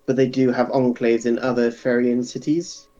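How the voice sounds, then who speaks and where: A man as game master of a tabletop game, explaining lore with frequent ums and pauses. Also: mid-range voice, flat delivery, dark tone, muffled recording, soft background music.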